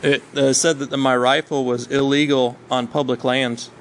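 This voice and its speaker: A man's voice: mid-range voice, level tone, moderate pace, background noise. A man casually recounting a hunting trip, rambling along with many ums and uhs. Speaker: hunter telling a story. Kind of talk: casual storytelling chat.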